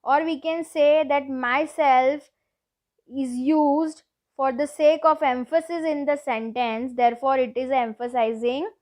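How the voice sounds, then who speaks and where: A woman teacher giving a grammar lesson to schoolchildren, explaining each rule slowly and patiently, with lots of repetition. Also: sits high. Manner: slow, deliberate, repeats each rule patiently.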